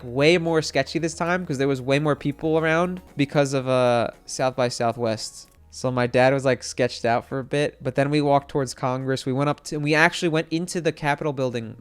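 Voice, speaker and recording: A man's voice: medium pitch, smooth. A young man streaming, telling a rambling casual story with many fillers and swearing.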